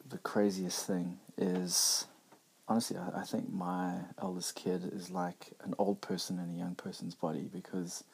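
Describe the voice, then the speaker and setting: His deep voice is creaky and darkish, with a breathy edge. He's a middle-aged man hosting a podcast, musing candidly in a reflective personal monologue, conversational in style and full of restarts.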